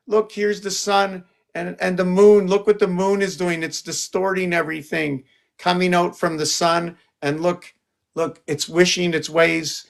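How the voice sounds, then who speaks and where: A man's voice: a little high, a little slow, vocal fry. Rambling, playful man showing his art. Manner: rambling, playful, jumps between excited exclamations and muttering. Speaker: artist showing his paintings. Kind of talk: casual live-stream chat.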